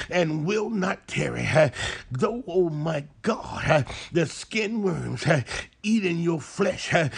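A man preaching a sermon in a chanted, whooping cadence, opening nearly every phrase with a breathy "uh". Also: sits high.

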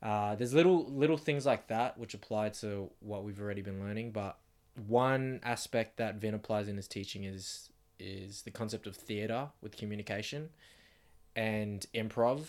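A man with an Australian accent co-hosting a casual podcast from a home bedroom, laying out his ideas step by step in a loose, relaxed way. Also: lowish voice, moderate pace. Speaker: podcast co-host.

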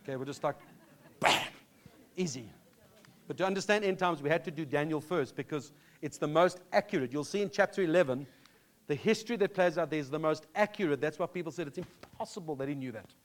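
Male pastor from South Africa, high voice, earnest sermon delivery. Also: a little fast. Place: church.

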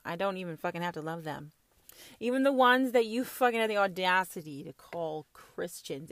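A woman with a fairly low-pitched voice rants profanely as a self-styled prophetess, lurching between loud outbursts and whispers. There's no room sound.

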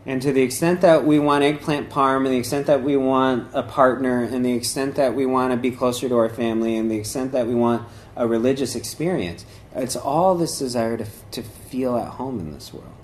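A man's voice: mid-range voice, a little fast, few pauses, a little hiss or hum. A man giving an informal talk on meditation and yoga traditions, rambling conversationally with many fillers and restarts. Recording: echoey room.

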